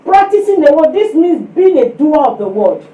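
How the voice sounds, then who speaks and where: High-voiced Nigerian woman preaching in an echoey room. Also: normal speed, dull audio. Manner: animated storytelling with sound effects and Yoruba phrases; exhorts listeners directly. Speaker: preacher at a women's fellowship. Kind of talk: sermon. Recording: echoey room, distant mic, faint noise.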